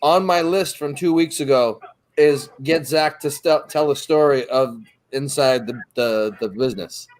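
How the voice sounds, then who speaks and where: A man's voice: medium pitch, a little slow. A man co-hosting a podcast, teasing his friend and steering the casual chat with easy laughter. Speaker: podcast co-host.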